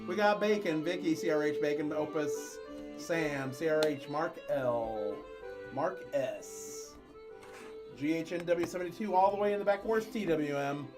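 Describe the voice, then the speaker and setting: Playful rambling man, slightly high voice. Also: a little slow, music in the background. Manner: rambling, playful, calls emoji races with jokes. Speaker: livestream co-host. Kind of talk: casual livestream chat.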